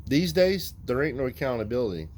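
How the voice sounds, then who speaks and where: A man's voice: mid-range voice, very animated, brisk, a little mellow, rough recording. A man, speaking bluntly and profanely as he rants straight at his viewers. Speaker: vlogger. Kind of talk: casual ranting monologue to viewers.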